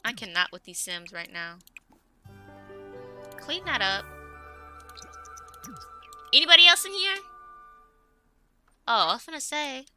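A young woman talks through her game with a bright, sharp, high voice that swings all over the place. She gets exasperated and shouts at the characters on screen, then drops back into chatty commentary. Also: big pitch swings, takes it slowly, pauses often, soft background music. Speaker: let's play gamer. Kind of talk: casual gameplay commentary.

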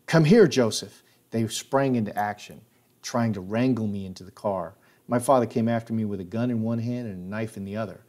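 A man's voice: fairly low pitch, a little fast, a little mellow. A man recounting his own life story in a casual, spoken way with plenty of filler words. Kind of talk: casual spoken memoir narration.

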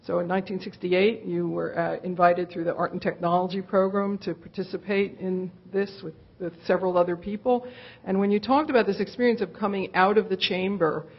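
Female onstage interviewer, breathy, low, searching and thoughtful, lo-fi audio. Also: fairly even intonation, brisk. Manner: thoughtful, searching questions with fillers. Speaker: interviewer, curator. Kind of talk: live onstage conversation.

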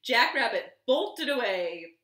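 A woman librarian reads a children's picture book aloud at an unhurried pace. Her bright voice swoops up and down with lots of expression. The living room around her adds a noticeable echo. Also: a little high. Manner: expressive, lively storybook reading. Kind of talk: storytime read-aloud.

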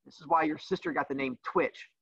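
A man's voice: on the high side, steady tone, brisk, fairly bright tone, breathy edge, no room sound. A man teaching a livestreamed class, teasing his students in a sassy, playful way. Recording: dull lo-fi dry sound.

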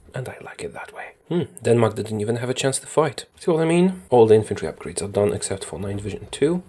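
A man gives casual gameplay commentary, thinking out loud about each move. His voice is mellow and a little husky, and his pitch moves around a lot. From Poland. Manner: chatty, thinks aloud while playing. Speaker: strategy game YouTuber.

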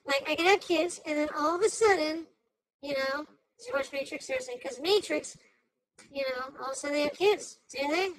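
A woman voicing a squeaky, hyper AI cartoon host. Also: expressive, a little fast, poor audio. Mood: excitable. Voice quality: squeaky, bouncing between shouts and mutters. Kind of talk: rambling commentary on a news clip.

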